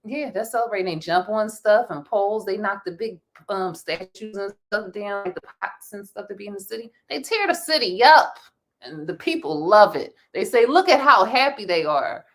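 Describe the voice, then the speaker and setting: A woman co-hosting a casual podcast chat, animated, laughing often and restarting her words. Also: mid-range voice, moderate pace. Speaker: podcast co-host.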